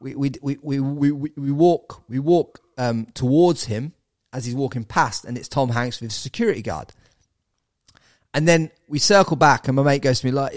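An English man in his thirties tells a long story as a podcast guest, animated and quick to swear, dropping bro and mate as he goes. His voice sits at a middle pitch. The sound is dry and close, with no room around it. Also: no echo. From England. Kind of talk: casual storytelling.

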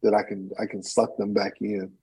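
A man who is a storyteller and teaching artist, talking in an interview and performing a tale in an animated, playful way. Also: lowish voice, moderate pace, husky, poor audio. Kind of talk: interview chat and live storytelling.

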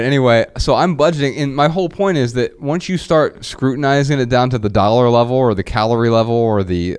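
A man's voice: medium pitch, darkish tone, clear, resonant tone. A man co-hosting a podcast, chatting casually and rambling, often restarting his phrases. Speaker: podcast co-host.

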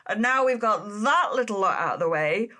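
A woman's voice: medium pitch, animated, a little fast, sharp tone. A woman hosting a history podcast, narrating in a chatty, self-mocking way with giggly asides. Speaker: podcast host.

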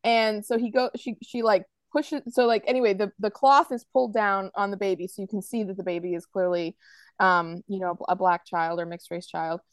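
An American woman chats casually as a podcast co-host, circling her points and slipping into little quoted voices. Her pitch sits in the middle, and the sound is dry and close with no room in it. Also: steady tone, normal speed, no room sound. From United States. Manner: rambling, acts out quotes from scenes. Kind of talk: casual chat.

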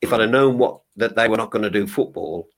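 A man's voice: lowish voice, fast. A man in his sixties with a Birmingham accent, a veteran radio broadcaster chatting frankly and jokily as a podcast guest. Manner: chatty storyteller, frank and jokey. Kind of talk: casual podcast chat.

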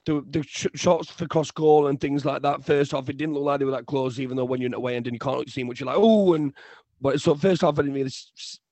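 A young man co-hosting a casual football podcast, ranting in an animated way and often repeating himself. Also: medium pitch, fast, few pauses, no room sound. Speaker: podcast co-host.

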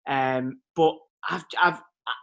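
A man's voice: medium pitch, takes it slowly, a bit bright. A man chatting casually, hesitant and full of restarts. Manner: hesitant, lots of ums and restarts. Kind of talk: casual chat.

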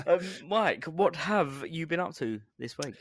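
A man's voice: a little high, no echo. Joking man, dry close mic. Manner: jokey, laughs often, drawling asides. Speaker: podcast co-host. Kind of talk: casual chat. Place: home recording space.

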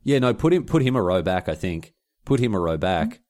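An Australian man co-hosting a podcast in casual chat, animated and quick to exclaim. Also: deep voice. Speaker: podcast co-host.

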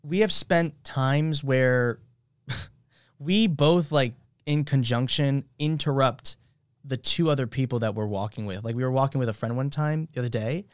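A young man hosts a casual podcast, rambling along with plenty of fillers in an upbeat tone. His pitch sits in an ordinary middle range. The sound is close and dry. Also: measured pace, clear, resonant tone, no echo. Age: young adult. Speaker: podcast host. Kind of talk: casual chat.

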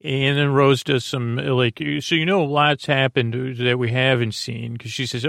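Gravelly man rambling through a recap. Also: mid-range voice, fairly even intonation, normal speed, hardly any pauses, fairly bright tone, no room sound, studio quality. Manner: rambling, many fillers and self-corrections. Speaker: podcast host. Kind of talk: casual episode recap.

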